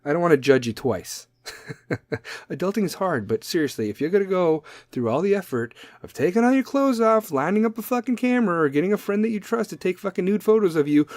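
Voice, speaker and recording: A man's voice: a little high, expressive, quick pace, darkish tone, dry recording, clean studio sound. A man in his thirties hosting a podcast, ranting in a blunt, sarcastic way and swearing constantly. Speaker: podcast host. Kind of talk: profane comedic rant.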